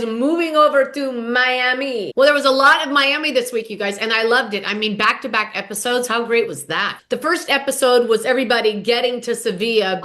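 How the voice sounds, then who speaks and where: A woman casually recapping reality TV gossip, candid and swearing freely, acting out the quotes in shifting voices. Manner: chatty, acts out quotes with shifting pitch and loudness.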